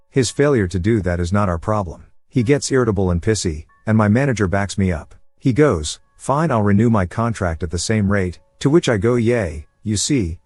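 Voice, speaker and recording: Low-voiced man reading a reddit story. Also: dry recording. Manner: reads quote marks aloud, flat steady delivery. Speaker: narrator. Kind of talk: scripted narration of a reddit post.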